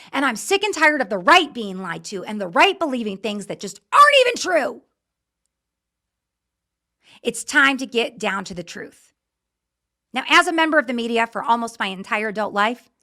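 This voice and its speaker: A woman's voice: fairly high pitch, sing-song, moderate pace, bright, forceful tone. A middle-aged woman hosting a political talk show, ranting in fiery, impassioned commentary.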